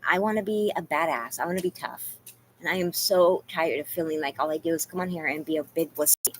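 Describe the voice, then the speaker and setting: A woman with a somewhat low voice rambles through a confessional livestream chat, leaning on "you guys" and "like" as she talks to her viewers. Faint room ambience sits behind her. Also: brisk, a little hiss or hum. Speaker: vlogger talking to live chat. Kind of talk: emotional casual livestream chat.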